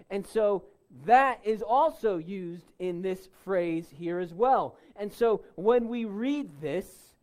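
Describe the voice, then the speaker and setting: A man preaching a sermon, driving points home with loud, stressed words and dropping to soft, low asides. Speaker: pastor.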